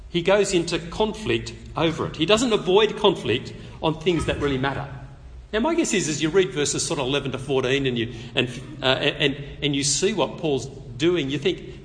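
A man preaches to a meeting in a conversational, animated way, slipping in light humor as he explains his text. His voice sits a little high and swings widely in pitch. A long reverb from the hall trails behind every phrase. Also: normal speed, slight background noise. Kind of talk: expository sermon at a public meeting.

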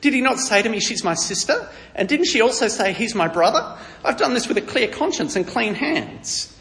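A man's voice: expressive, normal speed, vocal fry, long reverb tail, exaggerated voice, poor audio. A man putting on a frantic, squealing old king. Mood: frantic pleading. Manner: high-pitched, loud pleading protest. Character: panicked indignant ancient king, man.

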